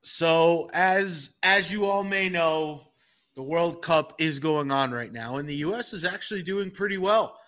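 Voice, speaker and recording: A man's voice: on the high side, a little slow, a bit bright, slight background noise. A man hosting a podcast in casual chat, wry and chatty with hesitant asides. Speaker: podcast host.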